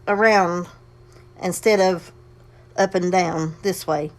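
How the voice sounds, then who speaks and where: A woman's voice: lowish voice, steady tone, takes it slowly. A woman casually demonstrating a sewing project, chatty and folksy, talking herself through each step and breathing a little heavily. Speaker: crafting tutorial host.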